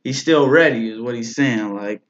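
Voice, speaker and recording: A young man giving casual reaction commentary, relaxed and slangy, leaning on "bro" and "man" as he talks. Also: medium pitch, moderate pace, a little hiss or hum. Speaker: reaction video host. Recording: dull lo-fi recording. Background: faint rap music playing.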